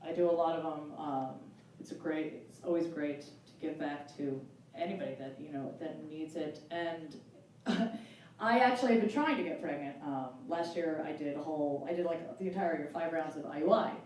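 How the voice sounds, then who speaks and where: A woman in her forties doing a self-mocking stand-up set on a live stage, chatty and quick to laugh. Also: sits low, darkish tone, slight background noise. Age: 40s. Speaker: stand-up comedian. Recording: roomy live hall from far off.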